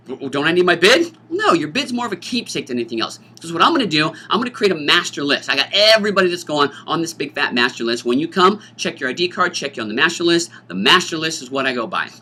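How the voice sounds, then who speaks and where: A middle-aged male teacher explains the school dance to his students with a bright, cutting voice. His pitch swoops around constantly as he jokes and slips into silly student voices. He sounds a little higher than most men. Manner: animated, jokey, acts out student voices. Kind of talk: informational talk to students.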